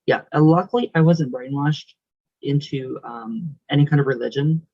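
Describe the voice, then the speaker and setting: A man's voice: on the high side, normal speed, breathy edge, no echo, dull audio. A young man hosting his channel, reading out viewer comments in a casual, affectionate, emotional way with frequent laughs.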